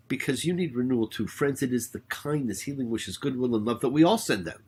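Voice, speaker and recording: A man, a rabbi hosting his own show, giving a spoken sermon with emphatic, drawn-out words. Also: medium pitch, animated, darkish tone, husky. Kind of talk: spoken sermon with prayer and sung hymn.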